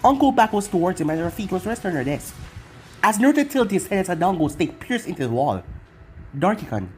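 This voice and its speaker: A narrator reading fan fiction aloud in an even, machine-like way, with odd misreadings. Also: medium pitch, fast talker, soft background music.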